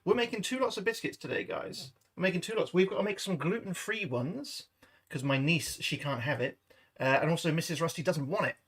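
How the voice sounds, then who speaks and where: A man's voice: a little high, expressive, a little fast, a bit bright, breathy edge. A British man chatting casually to his livestream viewers from his home kitchen, swearing freely as he goes. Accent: British English. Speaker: livestream host. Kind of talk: casual cooking livestream chat.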